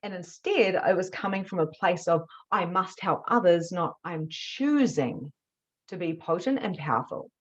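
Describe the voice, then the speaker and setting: A woman, a spiritual mediumship teacher telling a candid story to camera, animated and swearing freely. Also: lowish voice, a little slow, muffled recording. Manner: animated, swears freely, acts out her own past reactions.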